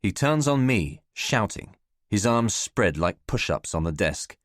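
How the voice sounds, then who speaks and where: A man narrating a novel in the first person, in a measured storytelling manner. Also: on the low side, big pitch swings, no room sound, clean studio sound. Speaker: audiobook narrator.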